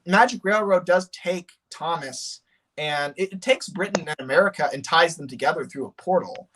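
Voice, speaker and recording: A man chatting casually on a livestream, rambling and animated, with many fillers and restarts. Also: a little high, moderate pace, a little hiss or hum. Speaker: streamer.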